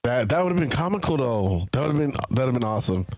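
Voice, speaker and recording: A man co-hosting a casual podcast, reacting with quick jokes and questions. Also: medium pitch, big pitch swings, darkish tone. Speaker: podcast co-host. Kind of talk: casual chat.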